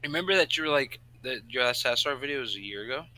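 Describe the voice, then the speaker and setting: A man's voice: medium pitch, lively intonation, very fast, pushed and bright, low-quality recording. A man co-hosting a casual gaming podcast, teasing and cracking jokes. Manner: teasing, wisecracking. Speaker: podcast co-host.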